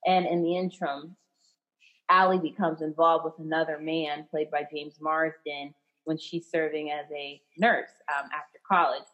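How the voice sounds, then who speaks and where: A woman's voice: deep voice, level tone, normal speed, muffled recording. A woman hosting a casual podcast chat, retelling a film with enthusiasm and filler words. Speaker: podcast host.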